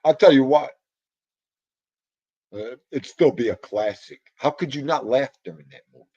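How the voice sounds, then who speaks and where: Rambling, animated man on a livestream. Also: mid-range voice, normal speed, breathy edge, dry recording, muffled recording. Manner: rambling and animated, with sudden loud exclamations. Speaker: livestream host reading viewer comments. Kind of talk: casual livestream chat.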